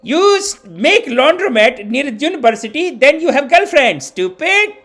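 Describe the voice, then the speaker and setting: A man putting on a to voice a bossy auntie in her sixties who yells advice. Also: very high voice, sing-song, a little slow, pitched above the performer's own voice, exaggerated voice. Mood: scolding. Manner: yelling, scolding.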